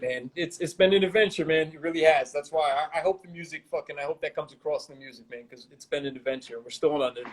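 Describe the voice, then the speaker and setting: A man's voice: a little high, a little hiss or hum, low-quality recording. A man from Brooklyn, a guest rapper telling rambling, swear-filled stories in a casual interview. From Brooklyn, New York. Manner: rambling, heavy swearing, laid-back street slang.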